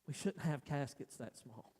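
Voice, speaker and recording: A man giving an emotional personal testimony as a church speaker, telling his story in a halting way. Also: medium pitch, lively intonation, darkish tone. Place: church sanctuary. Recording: reverberant church hall.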